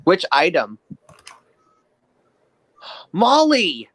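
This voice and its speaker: A man's voice: high voice, huge pitch swings, very slow, fairly bright tone, slight background noise. A man from Argentina hosting a live stream, chatting eagerly with friends. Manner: eager, asks questions. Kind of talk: casual chat.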